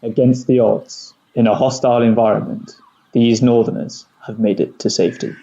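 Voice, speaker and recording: A man doing solemn, hushed mock nature-documentary narration. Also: mid-range voice, fairly even intonation, moderate pace, vocal fry. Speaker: student narrator. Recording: muffled, dull lo-fi sound.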